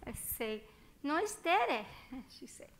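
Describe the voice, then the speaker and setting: A woman's voice: sits high, sing-song, unhurried, fairly bright tone, a little hiss or hum, exaggerated voice. A woman performing a spirited Mexican-American little girl starting first grade, chatty and childlike, with a Mexican-American accent and Spanish phrases mixed in. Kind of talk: one-woman theatre monologue.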